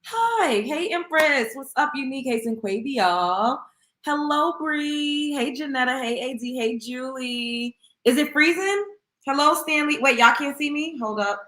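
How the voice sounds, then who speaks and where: A woman hosts a casual livestream and chats freely, greeting her viewers by name. Her voice is bright and forceful, and it rings in an echoey room. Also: sits high, measured pace. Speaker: host.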